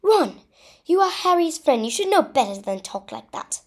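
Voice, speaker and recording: A woman's voice: a little high, lively intonation, measured pace, darkish tone, husky. A woman reading aloud as a clever, bossy teenage girl witch who scolds her friend. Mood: scolding. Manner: commanding, scolding. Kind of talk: storybook reading.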